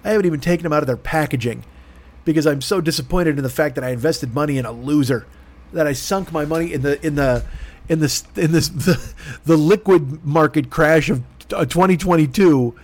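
A man telling a comedic story on a podcast, animated and profane, mocking himself. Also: on the high side, fairly quick. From grew up poor. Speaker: podcast host.

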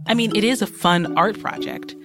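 A woman co-hosting a show, playful and expressive in casual chat, with music under her voice. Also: mid-range voice, normal speed. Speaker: podcast co-host. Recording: music bed behind voice.

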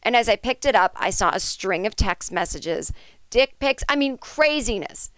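A woman's voice: a little high, expressive, normal speed, a bit bright, no echo. A woman hosting a podcast, telling an improvised comic story in a rambling, chatty way with lots of fillers and asides. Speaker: podcast host.

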